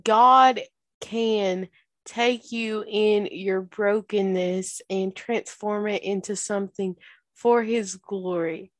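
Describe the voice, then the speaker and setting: A woman's voice: medium pitch, steady tone, takes it slowly, dry recording. Earnest woman podcast host, dry sound. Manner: earnest, encouraging, preachy. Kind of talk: casual podcast wrap-up.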